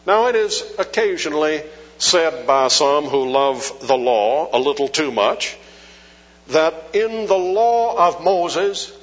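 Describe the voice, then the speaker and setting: A man preaching a sermon, teaching slowly and deliberately from scripture and lifting his voice on quoted verses. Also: a little high, animated. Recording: dull lo-fi recording with long hall reverb.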